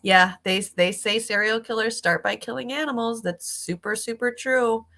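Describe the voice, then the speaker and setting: A woman's voice: a little high, moderate pace, bright, forceful tone. A woman streamer reacting casually to videos, chatty and sympathetic, swearing freely.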